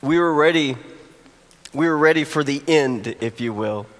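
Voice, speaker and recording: A man, a pastor, telling a humorous personal story during a sermon, animated at the funny moments. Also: on the high side, moderate pace. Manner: storytelling, rising to animated exclamations for comic effect. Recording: long hall reverb.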